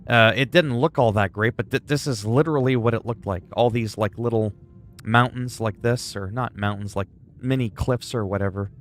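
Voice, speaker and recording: A man's voice: medium pitch, normal speed, faint music behind. Rambling Canadian man streaming a game. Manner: chatty, rambling, talks to viewers by name. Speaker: livestreamer. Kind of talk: casual gameplay chat.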